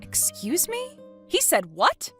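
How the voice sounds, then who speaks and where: A woman's voice: extremely high pitch, huge pitch swings, takes it slowly, soft background music, exaggerated voice. A woman voicing a fed-up young wife who works from home, snapping back in exasperation, in a text-story dramatization. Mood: exasperated. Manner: exasperated, angry, sharp retorts.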